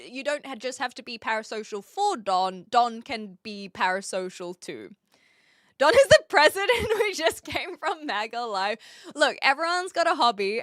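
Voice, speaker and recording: A young woman with a New Zealand accent, softened by years abroad, chats with her stream viewers and laughs often. Her voice is high and bright, with a lively, bouncing pitch. The sound is close and dry. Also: no room sound. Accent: New Zealand, softened by years in Australia and the UK. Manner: giggly and bubbly, reads chat aloud, frequent laughs. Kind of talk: casual live-stream chat with viewers. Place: attic.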